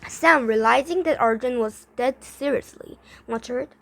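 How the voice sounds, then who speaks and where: A woman's voice: fairly high pitch, unhurried, gravelly, fairly bright tone, poor audio. A woman reading a children's story aloud, carefully, with frequent slips and restarts. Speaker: reader.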